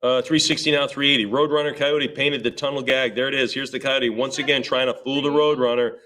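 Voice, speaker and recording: A male auctioneer runs a live sale in a steady chant of rising bids. Between the numbers he tosses off quick jokes and teasing asides to the bidders. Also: medium pitch. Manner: rapid repetitive bid chant with joking asides. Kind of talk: live auction bid calling.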